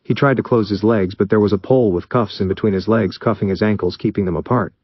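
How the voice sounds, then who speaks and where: Low-voiced man reading fan fiction. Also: fairly even intonation, fast talker, no room sound, dull audio. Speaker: narrator.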